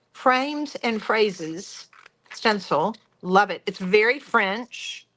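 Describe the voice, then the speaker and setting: A woman's voice: a little high, fairly bright tone. A woman hosting a craft tutorial, chatty and enthusiastic as she talks viewers through each step. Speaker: craft workshop host.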